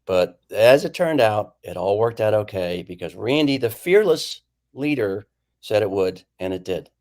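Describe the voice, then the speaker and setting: Male painter guest, lowish voice, chatty and animated anecdote teller. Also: unhurried. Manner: animated storyteller who acts out quoted lines. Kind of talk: casual storytelling chat.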